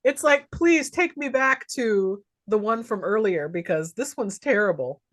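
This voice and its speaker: A woman's voice: mid-range voice, lively intonation, a little slow. A woman co-hosting a podcast, recapping a film in casual chat and laughing often as she goes. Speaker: podcast co-host.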